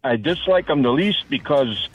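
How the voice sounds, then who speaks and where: Halting male radio caller. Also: medium pitch, lively intonation, breathy edge, muffled recording. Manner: halting, with restarts. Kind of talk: call-in sports radio.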